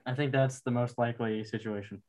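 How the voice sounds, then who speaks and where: A man's voice: mid-range voice, steady tone, fairly quick, a little mellow. Joking young man in casual banter. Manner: joking, laughs often, says bro. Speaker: friend in conversation. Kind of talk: casual chat.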